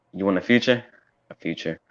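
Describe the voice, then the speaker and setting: A man's voice: low-pitched, fairly bright tone. A man calling in to a livestream, trash-talking and boasting in crude joking banter. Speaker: call-in guest on a livestream. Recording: dull lo-fi call audio.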